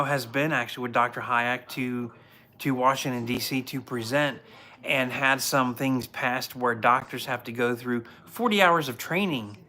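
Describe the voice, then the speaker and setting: A police officer in his forties hosts a casual livestream from home, his medium-pitched voice pushed and bright. He tells earnest, rambling stories full of restarts.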